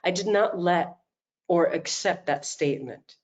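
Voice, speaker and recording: A middle-aged woman coach giving an animated motivational talk, telling stories and acting out quotes, over a video call. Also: fairly low pitch, a little slow. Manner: animated storytelling, acts out quotes.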